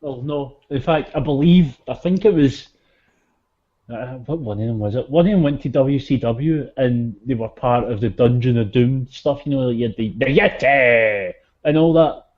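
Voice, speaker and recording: A man's voice: mid-range voice, moderate pace. Man telling a story. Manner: storytelling, swears freely. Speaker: podcast co-host. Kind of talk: casual chat. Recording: dull lo-fi audio.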